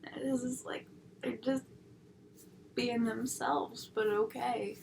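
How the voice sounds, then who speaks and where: Young woman, casual reviewer, rambly and sarcastic, higher voice, background noise. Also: steady tone, slow, creaky, a little mellow. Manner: rambling, tangent-prone, sarcastic asides. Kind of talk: casual chat.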